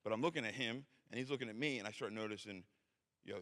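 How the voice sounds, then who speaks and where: A man's voice: lowish voice, fast talker, a bit bright. A man telling a story from his own life in a blunt, profane, self-mocking way. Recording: reverberant hall.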